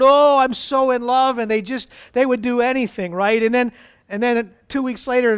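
A man's voice: very high-pitched, fairly bright tone, clean tone. A middle-aged man pastor giving a sermon in a conversational way, with asides and acted-out voices.

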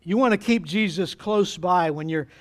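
A pastor preaching a sermon to his congregation, with dramatic pauses and acted-out quotes. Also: sits high.

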